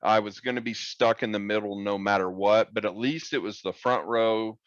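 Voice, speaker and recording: A man's voice: on the low side, moderate pace, no echo, dull audio. Profane, storytelling podcast man. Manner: profane, animated, acts out quoted voices. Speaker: podcast co-host. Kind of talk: casual storytelling chat.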